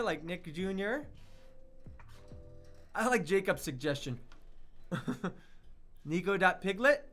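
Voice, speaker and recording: An excitable young man hosting a livestreamed online radio show with a bright, high-pitched voice. He chats eagerly with his viewers and jumps from topic to topic. Faint music plays behind him. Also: slow pace, long pauses. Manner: excitable, chatty, reads out viewer chat.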